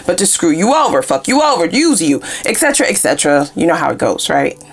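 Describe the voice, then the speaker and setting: A woman giving a casual tarot reading in a blunt, profane and animated way. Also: on the low side, fast. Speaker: tarot reader.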